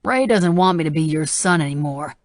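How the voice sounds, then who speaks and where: A jittery young man , as a woman narrator voices him, spits out sneering, crude threats in an audiobook. His delivery is menacing and unstable. The voice sits fairly low and the recording is close and dry. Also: animated, a little fast, no room sound. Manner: sneering, foul-mouthed threats.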